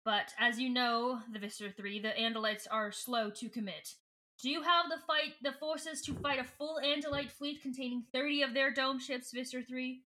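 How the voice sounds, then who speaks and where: A woman's voice: high-pitched, fairly even intonation, bright, forceful tone. Woman doing a stern alien council leader. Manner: cold, commanding, measured.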